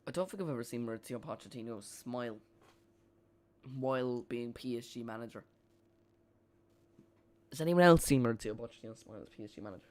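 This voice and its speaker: A man's voice: mid-range voice, animated, fairly quick, pauses often, darkish tone. A man streaming a live football watch-along, chatting casually and often repeating or correcting himself.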